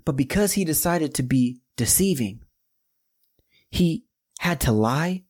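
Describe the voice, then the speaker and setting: A man's voice: a little high, animated, slow pace, darkish tone. Emphatic man preaching a Bible study. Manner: emphatic, conversational, rising to exclamations. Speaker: podcast host teaching Bible study. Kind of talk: scripture reading with preaching commentary.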